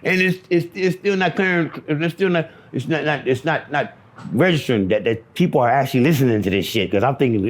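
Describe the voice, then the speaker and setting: A man being interviewed, telling a personal story in a halting, repetitive, profane way, with stammering restarts. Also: medium pitch.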